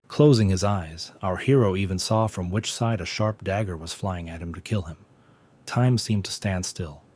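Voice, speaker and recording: A man with a fairly low voice narrates a comic story recap. His scripted storytelling is steady and plain.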